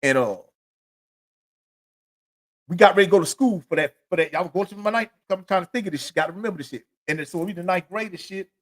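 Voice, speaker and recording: A man's voice: sits high, fast talker, long pauses, a bit bright. Rambling, profane middle-aged man. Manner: rambling, profane, constant filler phrases. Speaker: podcast host. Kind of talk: solo storytelling monologue.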